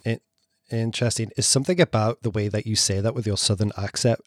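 A man's voice: on the low side, fast, dry recording, studio quality. A man co-hosting a podcast in casual chat, teasing and joking with the others. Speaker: podcast co-host.

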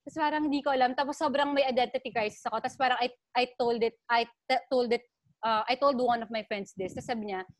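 A woman's voice: on the high side, steady tone, fast talker, no echo, studio quality. A woman in her thirties with a Filipino accent, chatting as a podcast co-host and telling a long personal story. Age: 30s. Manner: chatty storyteller, mixes Tagalog and English. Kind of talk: casual chat.

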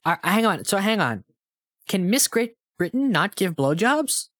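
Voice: mid-range voice, big pitch swings, a little slow, fairly bright tone, no room sound, clean studio sound. A podcast host running a quiz on a co-host, in casual chat, playful and teasing.

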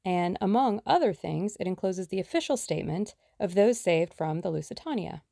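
A woman voicing a lively, impatient young woman sleuth in an audiobook, brisk and plucky. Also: medium pitch, creaky, no echo, studio quality. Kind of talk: audiobook character reading.

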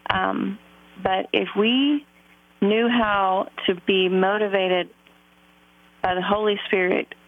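Earnest woman guest over a phone line. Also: medium pitch. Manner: earnest, reflective, faith-centered, many fillers. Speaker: podcast guest, author and singer. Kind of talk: heartfelt personal storytelling in an interview.

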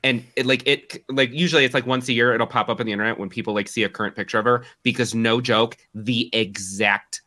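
A man's voice: medium pitch, fairly even intonation, fast talker, hardly any pauses, sharp tone. A young man on a casual podcast chat, telling anecdotes and quoting himself. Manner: storytelling, quotes himself. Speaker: podcast co-host.

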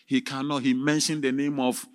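A man preaching as a theatrical storyteller, with sudden shouts and sound effects. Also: medium pitch, little pitch movement, moderate pace, a little hiss or hum. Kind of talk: dramatic sermon storytelling.

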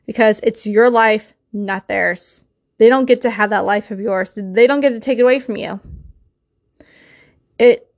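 Young woman doing a solo podcast, highish voice, heated and sweary. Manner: emotional, swearing, insistent. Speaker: podcast host.

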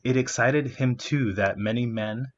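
A man's voice: mid-range voice, unhurried, highs cut off. A young man casually discussing a novel, chatty with many fillers, sometimes acting out quotes. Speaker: discussion partner.

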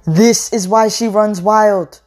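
A woman reading a story aloud and voicing an angry middle-aged father who shouts accusations at his daughter and wife. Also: low voice, measured pace. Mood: furious shouting. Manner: bellowing, accusing, loud.

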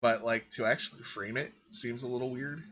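A man runs a tabletop game, describing the scene in an easygoing way full of "uh"s and "like"s. His voice is bright and forward, though the mic sounds a little dull and lo-fi. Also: medium pitch, brisk, slightly rough. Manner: relaxed, filler-heavy description. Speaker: game master.

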